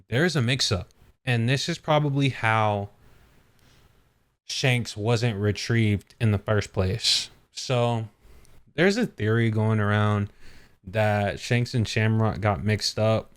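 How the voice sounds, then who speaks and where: A man hosting a podcast in a casual chat, animated and acting out characters' lines in quick bursts. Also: mid-range voice, smooth. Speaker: podcast host.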